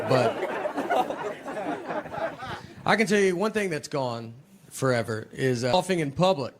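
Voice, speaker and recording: Laid-back Southern man telling stand-up. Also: moderate pace. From Nashville, Tennessee. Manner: low-key, deadpan, rambling delivery. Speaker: stand-up comedian. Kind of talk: stand-up storytelling. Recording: noisy live stand-up recording.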